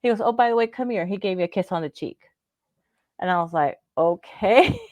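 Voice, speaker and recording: Talking fast in a medium-pitched, somewhat mellow voice, a woman who lives in Florida recounts a lengthy personal tale in relaxed radio chat. She laughs frequently and performs the voices of the people she quotes, and the recording has no room sound.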